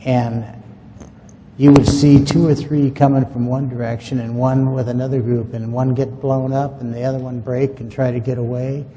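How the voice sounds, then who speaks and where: A man's voice: mid-range voice, level tone, moderate pace, in a large hall, background noise. A man casually telling a rambling, folksy story about a past experience to a group of listeners. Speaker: UFO witness telling his story.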